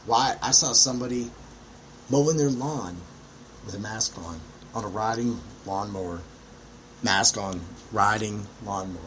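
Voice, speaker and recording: A man hosting his own podcast, ranting in a brash, profane monologue with sudden high yelps. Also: a little hiss or hum, low-quality recording. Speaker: podcast host.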